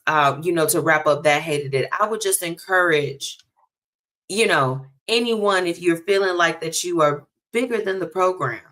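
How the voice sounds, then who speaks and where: Woman host, low-ish bright voice, animated, talks straight to her listeners. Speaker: radio show host. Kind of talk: casual chat segment.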